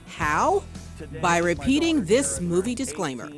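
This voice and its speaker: A woman's voice: medium pitch, very animated, measured pace, music in the background. A woman hosting a lifestyle TV show, narrating a feature and interviewing in an upbeat, bubbly way.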